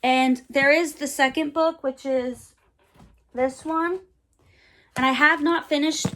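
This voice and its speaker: Fairly bright in tone and high-pitched, a woman in her twenties chats about the books she loves. As a book vlogger giving casual recommendations, she rambles slightly and leans on fillers and playful slang.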